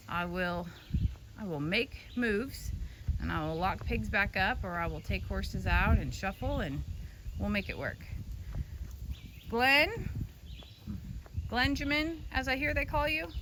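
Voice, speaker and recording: A young woman keeping a farm animal sanctuary, chatting through her chores outdoors. She coos to the animals in a high sing-song, then drops to a low, chatty voice. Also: noisy background. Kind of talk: casual vlog narration.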